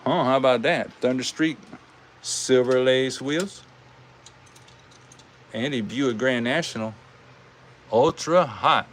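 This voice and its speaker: Slow-talking Southern man calling toy races. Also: mid-range voice, a bit bright. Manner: folksy, drawn-out, says "y'all". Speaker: host racing toy cars. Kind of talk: casual live race commentary.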